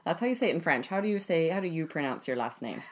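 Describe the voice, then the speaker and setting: A woman in her thirties hosts a casual parenting podcast. Her voice sits a little low, and her talk is bubbly and quick to break into laughter. She chats freely with her guest. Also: expressive. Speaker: podcast host. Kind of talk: casual chat.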